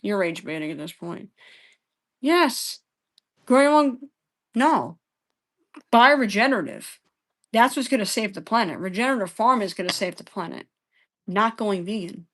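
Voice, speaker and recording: A woman's voice: mid-range voice, lively intonation, moderate pace, long pauses, a bit bright. A woman live-streaming a debate, answering chat questions in an exasperated, profane way and repeating herself.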